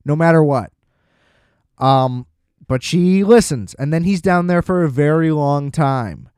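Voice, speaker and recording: A man's voice: fairly high pitch, unhurried, a little mellow, clean tone, no room sound, clean studio sound. A man casually recapping a film plot in a loose, chatty way, full of "like" fillers and blunt swearing. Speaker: film reviewer.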